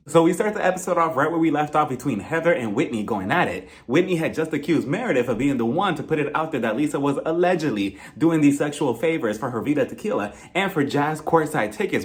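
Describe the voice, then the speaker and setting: A young man hosting his channel, reviewing a reality show in a blunt, gossipy, joking way. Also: on the high side. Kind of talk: casual video review commentary.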